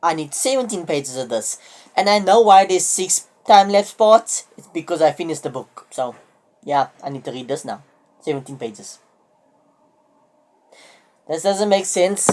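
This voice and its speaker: A woman talking casually to camera in a reading vlog, her voice sitting a little low. She sounds tired and slightly under the weather, and she thinks aloud as she tallies up pages. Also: darkish tone. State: tired and a bit sick. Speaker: book vlogger.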